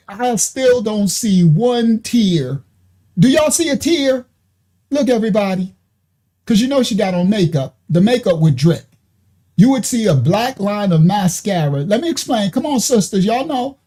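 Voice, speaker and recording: Speaking in a warm, medium-pitched voice with lively intonation, a woman takes her time. She hosts a reaction commentary livestream from her computer, screen shared, teasing and chatting with frequent laughs and heavy slang.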